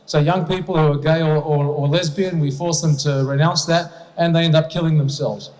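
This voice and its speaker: A man's voice: a little high, fairly even intonation, a little fast, darkish tone. A man giving an emphatic, rhetorical public speech with slides to an audience at an event, often checking in with "okay?". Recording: long hall reverb.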